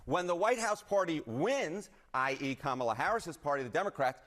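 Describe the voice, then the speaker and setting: A man's voice: on the high side, lively intonation, moderate pace, a bit bright. A man analyzing poll numbers on a news broadcast, explaining step by step and checking in with "right?". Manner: explanatory, tags points with "right?".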